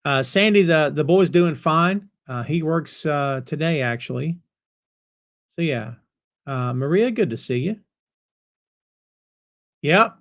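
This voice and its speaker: A man's voice: on the high side, lively intonation, takes it slowly, long pauses. A man hosting a wrestling podcast, chatting casually with live viewers and greeting them by name. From North Carolina. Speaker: podcast host. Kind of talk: casual chat reading live comments.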